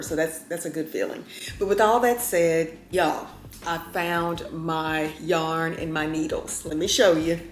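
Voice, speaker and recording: Fifty-something lady vlogging from home, folksy y'all talk, kinda low voice. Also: slight background noise. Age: 50s. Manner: chatty, folksy, keeps calling viewers y'all. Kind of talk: casual chat to camera. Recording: roomy echo.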